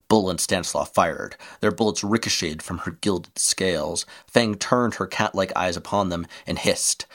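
A man reading an adventure story aloud in steady scripted narration. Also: deep voice.

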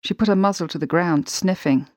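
A woman narrating a war story in a steady, measured way. Her voice sits fairly low, and the recording is close and dry with no room sound. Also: dry recording. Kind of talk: audiobook narration.

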